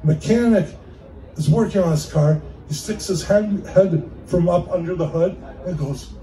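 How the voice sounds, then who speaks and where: A man's voice: sits high, unhurried, warm tone. A man telling old corny jokes as a comedian, chuckling at his own punchlines. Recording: echoey room from far off, faint background noise.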